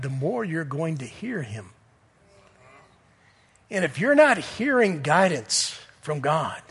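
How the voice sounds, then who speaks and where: A man preaching a sermon in earnest, swinging from loud appeals to hushed near-whispers. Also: high voice, husky, long reverb tail.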